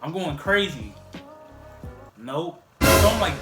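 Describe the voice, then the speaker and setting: A man's voice: sits high, animated, slow pace, reverberant, loud music behind the voice. A man vlogging a casual storytime, rambling and full of "like" fillers. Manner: rambling, heavy use of "like" fillers.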